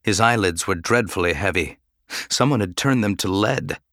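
A man giving measured, dramatic audiobook narration. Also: lowish voice, fairly bright tone, dry recording, clean studio sound.

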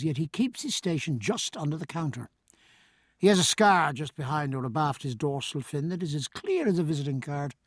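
A man reading as a grizzled old ship's master, calm and curious, lays out his thoughts in a lively, rising and falling husky voice. The sound is dry and close. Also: a little high, no room sound, exaggerated voice. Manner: musing, explanatory, nautical turns of phrase.

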